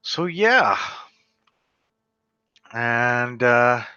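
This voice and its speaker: A man's voice: mid-range voice, lively intonation, very slow, bright, forceful tone, smooth, no echo. A hungover man in a casual vlog, reading award results with rambling, wry asides. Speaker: beer reviewer. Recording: dull, slightly lo-fi sound.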